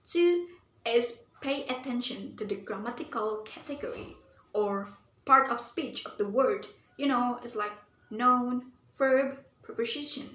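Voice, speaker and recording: A young woman with a somewhat high voice walks through a class topic as a student presenter. She sounds earnest and thinks aloud, often pausing on "um" and "like". The room carries a noticeable echo. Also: a bit bright, slight background noise. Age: young adult. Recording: roomy echo.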